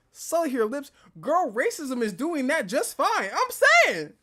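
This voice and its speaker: A male streamer, loudly trash-talking his way through a game on stream. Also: very high-pitched, measured pace. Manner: loud, profane, animated trash talk. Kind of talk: casual gaming commentary.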